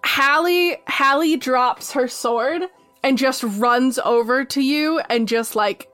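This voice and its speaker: A woman's voice: sits high, slow pace, fairly bright tone, soft background music. A young woman narrating a tabletop game as game master, casual and full of "like" and "um". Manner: casual, lots of "like" and "um".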